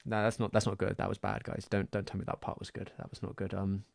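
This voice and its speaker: Young man, West Country accent, casual stream chat, rambling, low gravelly voice, dry close mic. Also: level tone, fast talker, dry recording. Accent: West Country English. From Southwest England. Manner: rambling, stumbling, self-deprecating.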